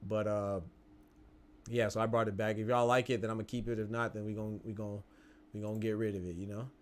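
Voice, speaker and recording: A man's voice: fairly low pitch, level tone. A man hosting a live boxing stream, chatting casually and asking viewers whether they follow him. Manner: chatty, tag questions, quick restarts.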